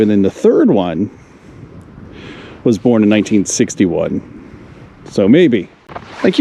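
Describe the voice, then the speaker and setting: Poor audio captures a man's lowish, warm voice as he vlogs casually while strolling outdoors through a snow-covered cemetery in winter. The travel vlogger rambles, thinking aloud with plenty of "like."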